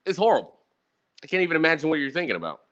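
This thirties podcast host talks straight to listeners in a loose, profane rant. He speaks very fast at a fairly high pitch, with big swings and a slightly bright quality, and the lo-fi recording sounds dull.

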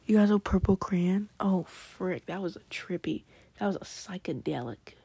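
A woman chatting excitedly in a hushed, whispery late-night ramble at home, trying not to be heard. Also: lowish voice, normal speed, gravelly, breathy edge, no room sound. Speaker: podcast host.

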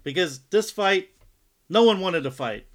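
A man's voice: high voice, lively intonation, a little slow, a bit bright. A man co-hosting a fight podcast, recapping bouts in a laid-back, loosely phrased way with frequent laughs. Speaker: podcast co-host. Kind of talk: casual sports chat.

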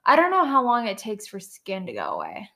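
Female podcast co-host, casual listener voice, quick dry remarks. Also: a little high, wildly swooping pitch, vocal fry, bright, forceful tone. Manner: short reactive interjections, dry asides. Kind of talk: casual chat.

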